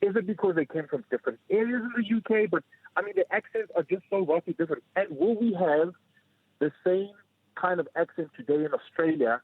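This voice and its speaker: A caller comes through a tinny, phone-like line, his voice a touch husky and slightly high for a man. He asks his question curiously and hesitantly, padding it with fillers, and the sound is close and dry. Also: a little fast, no echo. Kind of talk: radio call-in question.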